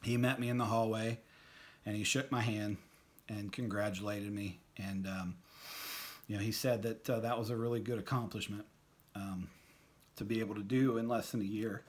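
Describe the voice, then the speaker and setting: A middle-aged man telling a fond personal anecdote at a tribute, halting with many fillers and restarts. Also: on the low side, steady tone. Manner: fond, reminiscing. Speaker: storyteller at a tribute.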